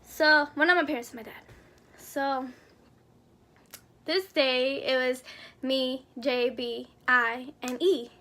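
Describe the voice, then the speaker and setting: Brief: young woman vlogger, high voice, lively slangy storyteller. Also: slow, long pauses. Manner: animated, slangy storytelling, acts out quotes. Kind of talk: casual storytime.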